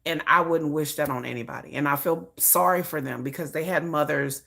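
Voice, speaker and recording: Her voice deep and marked by vocal fry, she talks fairly quickly on a live stream. She shares family stories in an animated, casual way, laughing frequently and restarting or repeating phrases.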